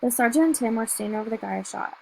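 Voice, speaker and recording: A woman reading a novel aloud in first person, telling the story in a steady, measured way. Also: fairly high pitch, creaky, a little hiss or hum, rough recording. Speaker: audiobook reader.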